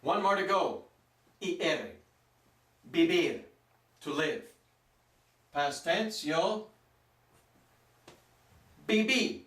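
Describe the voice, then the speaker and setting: A man with a slightly high voice gives a grammar lesson at a slow, deliberate pace, drawing out each word. He sits well back from the microphone, so his voice carries a roomy echo. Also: fairly bright tone. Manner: slow, deliberate, stretches out Spanish words for pronunciation. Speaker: Spanish teacher. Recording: roomy echo, mic some distance off.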